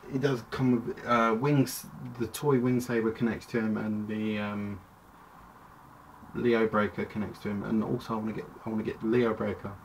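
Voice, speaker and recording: A man's voice: on the low side, fairly bright tone. A man casually reviewing a toy at home, chatty and rambling, often breaking off mid-sentence. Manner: rambling, chatty, self-interrupting. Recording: distant mic with clear background noise.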